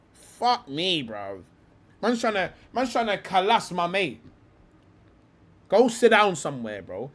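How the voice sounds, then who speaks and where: Young male livestream host, high and lively voice, profane slang-heavy ranting.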